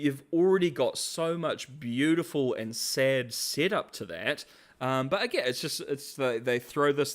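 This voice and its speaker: A man's voice: medium pitch, a bit bright. A man hosting a casual commentary vlog, rambling with slang, fillers and restarts. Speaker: host.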